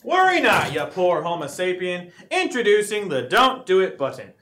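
A man's voice: high-pitched, sing-song, moderate pace, a bit bright, a little hiss or hum. A teenage man announcing a parody product ad with an overblown salesman delivery. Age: teens. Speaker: ad announcer in a school sketch. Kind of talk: parody ad voice-over.

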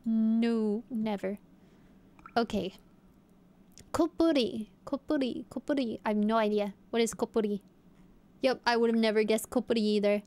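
A young woman streaming, chatting playfully with her viewers as she guesses aloud. Her voice sits a little high, and she keeps it casual and upbeat. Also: little pitch movement, normal speed, dark tone, clear, resonant tone. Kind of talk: casual live-stream chat.

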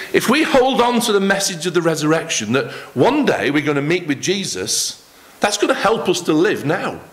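A man preaching a sermon in church, acting out the quoted lines with lively emphasis. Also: on the high side. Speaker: pastor.

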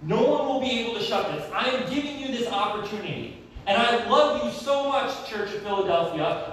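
Young man, pastor, animated conversational sermon, distant mic, faint room hum. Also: very high voice. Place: church sanctuary. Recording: very echoey, from far off.

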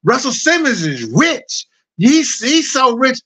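A man putting on the voice of flamboyant gossiping young men, drawling high and sing-song. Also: sing-song, slow, a bit bright, exaggerated voice. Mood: mocking awe.

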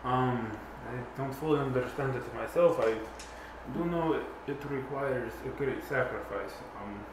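A man taking part in a tabletop game, speaking in character in an animated, chatty, playful way. The recording is very echoey, with loud background noise throughout. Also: mid-range voice, unhurried. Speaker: player.

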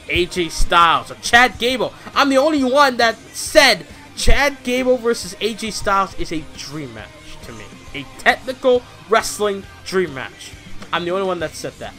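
A man gives a loose, rambling review of wrestling shows, excitable and casually profane. His voice sits high and sounds bright and forceful. Faint music plays underneath. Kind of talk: casual commentary vlog.

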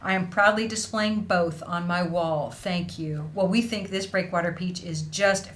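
A woman's voice: on the low side, steady tone, a little slow, fairly bright tone. Bubbly woman hosting a craft livestream. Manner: bubbly, effusive, laughs often. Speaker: host of an online felting school livestream. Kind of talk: casual livestream chat, reading student messages.

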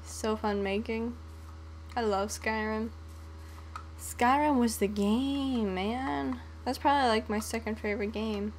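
Young female gaming host, relaxed unhurried delivery, bubbly and prone to humming. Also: on the high side, slight background noise. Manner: playful, sings and hums to herself. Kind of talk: casual gameplay commentary.

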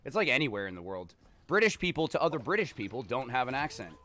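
A man's voice: mid-range voice, sing-song, fast, pushed and bright. A Canadian man with a Canadian accent giving profane, jokey commentary while playing a game. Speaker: gaming streamer. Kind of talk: casual gameplay commentary. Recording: noisy game audio behind.

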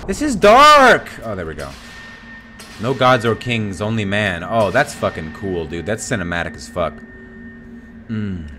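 A man's voice: lowish voice, very animated, a little slow, sharp tone. A young man giving live gameplay commentary as a streamer, jumpy and swearing, with sudden yelps and squeals. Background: game music.

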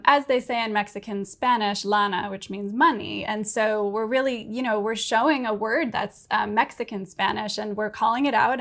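Thoughtful woman producer, mid pitch. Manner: thoughtful, many fillers and restarts. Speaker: podcast producer. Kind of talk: panel discussion.

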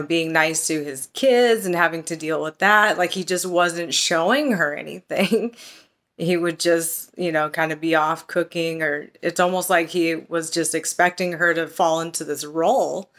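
A woman's voice: on the low side, a bit bright. A woman coaching on relationships and self-love, telling a story in a casual chatty way and lifting her voice to act out quoted messages. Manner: chatty, storytelling, acts out quoted texts with lifted voice. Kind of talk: casual talk to camera.

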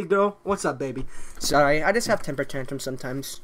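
A young man hosting crude video chats with strangers, loud, teasing and swearing, now and then breaking into shouts. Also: a little high, brisk, noisy background. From Zimbabwe. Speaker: video chat prankster host. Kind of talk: crude joking chat with strangers.

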